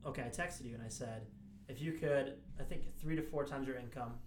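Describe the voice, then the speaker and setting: A man's voice: medium pitch, brisk, a little hiss or hum. A young man hosting a podcast, chatting casually in a joking, teasing way. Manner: joking, teasing, lots of fillers. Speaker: podcast host. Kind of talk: casual chat. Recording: echoey room.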